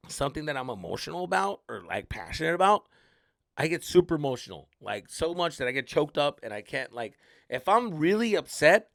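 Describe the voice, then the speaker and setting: A man's voice: creaky, no echo, studio quality. A man hosting a comedy podcast, telling a story casually and profanely, with Spanish slang mixed in. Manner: animated, acts out quoted people in high voices.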